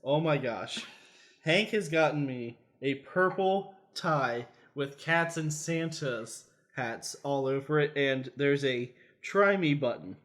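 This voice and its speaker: Fields: Sex: male. Role: podcast co-host. Pitch: fairly high. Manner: jokey, with laughs slipping into his sentences during casual banter. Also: takes it slowly, a bit bright. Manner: jokey, laughs while talking.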